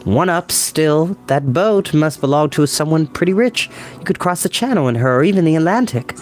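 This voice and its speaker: A man's voice: fairly high pitch, animated, normal speed, close to an everyday voice. A man voicing a cocky, teasing older boy in a read-aloud storybook, talking down in a mock-grown-up way.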